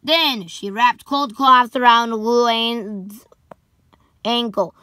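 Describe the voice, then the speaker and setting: A young woman reading a children's book aloud slowly, stumbling over names and dropping sarcastic asides. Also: a little high, sharp tone, no room sound. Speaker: storybook reader.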